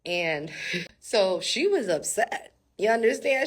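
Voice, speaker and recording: A woman giving a casual, animated Bible-story sermon. She laughs often and talks straight to her viewers. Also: mid-range voice, slow pace. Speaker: faith speaker.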